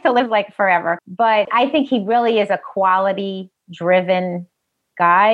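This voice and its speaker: A woman with a New York accent, a health specialist guest on a casual podcast interview, giving brisk, emphatic advice. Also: lowish voice, narrow, tinny audio.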